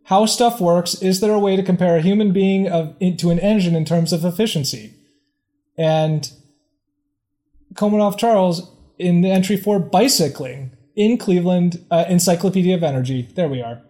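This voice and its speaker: A man's voice: high-pitched, moderate pace, warm tone. A man co-hosting a casual comedy podcast, often stammering and restarting his sentences. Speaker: podcast co-host. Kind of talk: casual chat.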